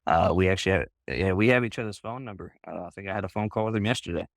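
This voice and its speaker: A man's voice: low voice, rapid-fire, no room sound, studio quality. A man, a guest on a group voice call, telling a story in a casual, rambling way, leaning on "like" and "bro" and restarting his sentences. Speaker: interview guest.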